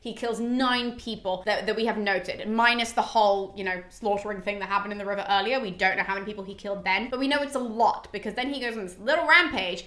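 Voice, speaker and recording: A British woman hosting a casual mythology chat, irreverent and quick to swear. Her voice sits a little high, and the sound carries a noticeable room echo. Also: a bit bright. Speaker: podcast host.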